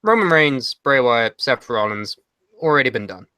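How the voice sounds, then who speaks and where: Confident young man, bright and dry. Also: mid-range voice, lively intonation, normal speed, no echo. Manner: confident, argumentative, analytical. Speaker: co-host. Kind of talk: casual chat.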